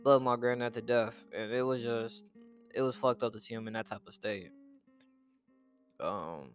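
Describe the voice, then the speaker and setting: A young man telling a personal story in a rambling, halting way, full of slang and swearing and often trailing off quietly. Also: mid-range voice, soft background music. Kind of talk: casual storytelling monologue.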